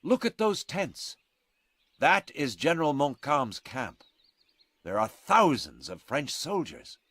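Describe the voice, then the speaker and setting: An earnest young army officer speaks with raised urgency, as a man reads him in a storybook. His voice swings lively in pitch. The recording is dry and close. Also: slow pace, dry recording, heavily acted.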